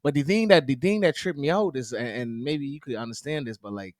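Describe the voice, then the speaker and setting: Brief: man, podcast co-host, animated slangy storyteller, dry close mic. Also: mid-range voice, brisk, no room sound. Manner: animated storyteller, quotes people in his own voice; loose slangy talk with frequent "you know what I'm saying". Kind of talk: casual chat.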